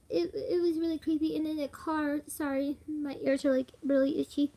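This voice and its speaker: High-voiced woman telling a ghost story. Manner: rambling, filler-heavy, giggly. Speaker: vlogger. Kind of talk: casual storytelling to camera.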